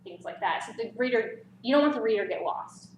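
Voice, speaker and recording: A fairly high-voiced woman leads a writing workshop in a library meeting room, talking in a loose, chatty way. She is animated and laughs lightly now and then. The room has an audible echo. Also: fast talker. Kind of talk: casual workshop talk. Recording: roomy echo, faint background noise.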